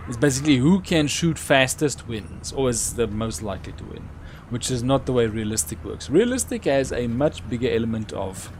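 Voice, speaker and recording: A young man chatting through a live game stream, rambling about his play and breaking into sudden excited shouts. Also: medium pitch, moderate pace, slight background noise. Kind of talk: live gameplay commentary.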